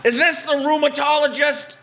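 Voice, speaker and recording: A man doing a shrill demanding old lady. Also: fairly even intonation, normal speed, pushed and bright, slight background noise, full character voice. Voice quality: high strained shriek.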